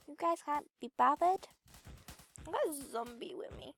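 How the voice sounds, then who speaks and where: A woman's voice: sits high, animated, moderate pace, gravelly, a bit bright, a little hiss or hum. A woman giving sarcastic, exclaiming commentary while she plays a zombie game for her video channel. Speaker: gaming video creator. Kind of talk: live gameplay commentary.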